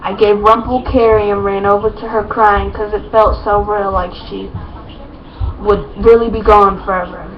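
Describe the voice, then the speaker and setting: A woman with a mid-range voice reads her own fan fiction aloud at a moderate pace, with little rise or fall in pitch. Her reading is plain and unpolished, with small slips and restarts. The recording is muffled and lo-fi, with faint noise.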